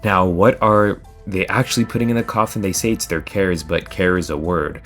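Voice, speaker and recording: A man's voice: low-pitched, steady tone, normal speed, fairly bright tone, faint music behind. A man commenting on the topic in a video, speculating and asking himself questions as he talks. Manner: speculative, asks questions of his own. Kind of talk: opinion commentary.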